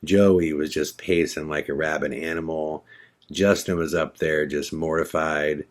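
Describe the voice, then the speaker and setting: Deep-voiced man telling a suspenseful tale. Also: steady tone, unhurried. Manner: dramatic, suspenseful retelling with repetition. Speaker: podcast host. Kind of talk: storytelling podcast narration.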